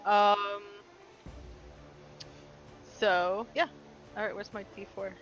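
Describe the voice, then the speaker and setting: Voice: mid-range voice, level tone, slow pace, fairly bright tone. A player in a tabletop game, eager and chatty, often restarting sentences. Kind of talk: casual tabletop play. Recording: dull lo-fi stream audio with faint music.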